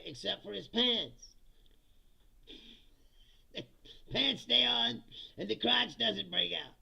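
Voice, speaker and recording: A man's voice: high-pitched, gravelly, sharp tone, slightly rough. A middle-aged man hosting a casual comedy livestream, laughing often, swearing freely and answering chat comments aloud. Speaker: livestream host reading chat. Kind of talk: casual ranting political comedy stream.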